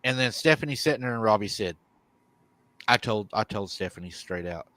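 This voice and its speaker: A man's voice: on the low side, brisk, dry recording. Chuckling man retelling a story. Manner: animated storytelling, chuckling often. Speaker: paranormal show host. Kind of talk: retelling a viewer's story on a live stream.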